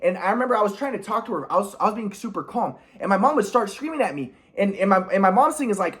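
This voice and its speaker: A man's voice: high-pitched, lively intonation, a bit bright. Man rambling with many restarts. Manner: halting, full of restarts and repeated words; clears throat often. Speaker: vlogger. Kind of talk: rambling personal monologue.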